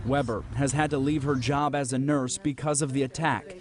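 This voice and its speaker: A man narrating a news report in a measured, even way. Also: medium pitch.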